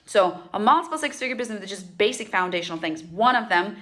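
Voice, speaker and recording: A woman coach talks straight to her viewers in a bright, ringing voice. She is emphatic and blunt, hammers her points home through repetition, and drops casual asides. Her pitch sits in a middle range. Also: animated, quick pace. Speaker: sales and mindset coach. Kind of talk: direct-to-camera coaching talk.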